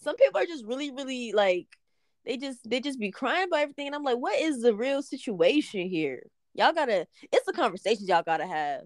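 Dry, higher-voiced woman co-host. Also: very animated, quick pace, dry recording. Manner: exaggerated, profane storytelling with bursts of laughter. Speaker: podcast co-host. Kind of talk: casual podcast chat.

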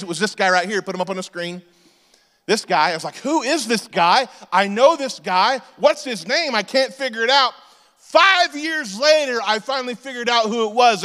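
Animated man preaching in a reverberant hall. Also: high-pitched. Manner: animated storyteller, shouting punchlines. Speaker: pastor. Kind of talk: sermon with comic stories. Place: church auditorium.

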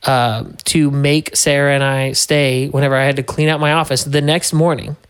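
A man's voice: mid-range voice, flat delivery, normal speed, clean tone. Man guest, casual storyteller, laughs a lot, mid-range voice. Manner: laughing often while recounting, puts on voices for others. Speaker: podcast guest.

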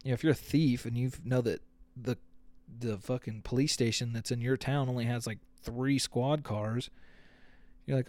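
A man's voice: mid-range voice, steady tone, moderate pace, a little mellow, no echo. A man hosting a podcast, ranting in a casual, comedic and profane way and acting out quotes. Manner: profane, rambling, acts out quotes. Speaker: podcast host.

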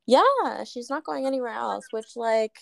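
Gravelly young woman ranting. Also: on the high side, a little slow. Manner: swears freely, ranting, animated retelling. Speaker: podcast co-host. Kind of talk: casual chat.

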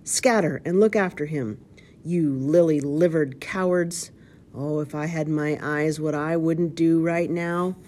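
A woman's voice: sits low, steady tone, a little slow, mellow. A woman voicing a vicious blind old male pirate who barks menacing orders in a shrieking voice. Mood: desperate.

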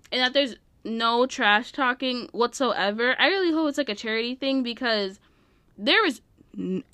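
A woman's voice: fairly high pitch, a bit bright, no room sound, studio quality. A young woman hosting a casual solo podcast, rambling and giggling, full of fillers. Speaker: podcast host.

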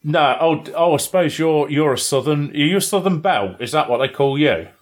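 A man's voice: fairly high pitch, expressive, fairly quick. A British man, co-hosting a casual chat, teasing and full of tag questions. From Britain. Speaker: podcast co-host.

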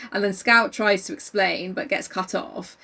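A woman recapping a book in casual podcast chat, swearing freely and retelling scenes in a lively way. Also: medium pitch, normal speed, vocal fry, far from the mic.

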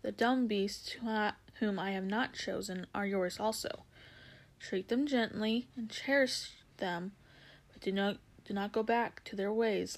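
A great kingly lion, gentle and grave, speaking softly and solemnly, as a woman reads him aloud. His words come low and hushed, like a storybook being read to listeners. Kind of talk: storybook reading.

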